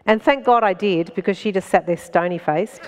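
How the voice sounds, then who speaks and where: An Australian woman tells a story in a lively, animated way, often laughing between phrases. Her pitch sits in a middle range, and the recording has a long echo. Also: moderate pace, clear, resonant tone. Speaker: stand-up comedian as guest. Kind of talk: anecdotal storytelling in conversation.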